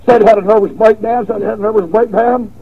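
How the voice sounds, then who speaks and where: A man preaching a revival sermon, telling a folksy story with repeated words, then stressing points with slow emphasis. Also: high voice, steady tone, lo-fi sound.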